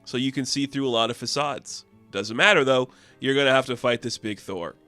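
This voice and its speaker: A man's voice: medium pitch, brisk, sharp tone, faint music behind, close to an everyday voice. Man reading as a matter-of-fact sorceress. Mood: scheming. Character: scheming sorceress, adult woman.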